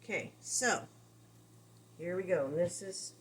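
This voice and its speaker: A woman dog trainer giving a casual lesson, animated and repeating key phrases as she acts out examples. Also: lowish voice, a little slow, a little hiss or hum. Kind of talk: casual teaching talk.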